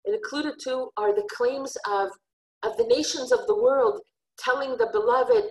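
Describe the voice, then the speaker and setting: High, lively woman teaching scripture. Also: normal speed, gravelly, low-quality recording. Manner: earnest, heartfelt explaining. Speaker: Torah teacher. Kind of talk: religious lesson on scripture.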